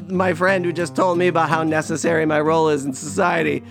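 A man's voice: fairly high pitch, fairly even intonation, brisk, creaky, over music. A man telling stories in a casual, rambling, self-mocking monologue as a podcast host.

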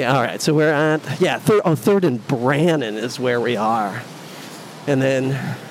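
Guy rambling on his walk to work, phone mic, lots of ums, unhurried. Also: medium pitch, slight background noise. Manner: meandering, many fillers and restarts. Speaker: vlogger narrating his walk. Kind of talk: casual rambling monologue while walking. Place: city street outdoors. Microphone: phone recording app. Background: faint street ambience.

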